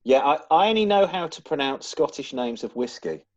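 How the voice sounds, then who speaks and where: A jokey man reads listener mail on a casual podcast, his pitch bouncing all over. He throws in quips between the details. The audio is dry and muffled. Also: fairly quick, dry recording. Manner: jokey, animated, throws in quips and silly asides. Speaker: podcast co-host. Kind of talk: casual chat reading listener emails.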